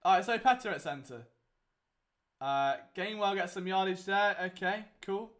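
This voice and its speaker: Unhurried and high-voiced with a fairly bright tone, a young man hosts a casual watchalong and provides live game commentary. He rambles in a chatty way, leaning on lots of fillers.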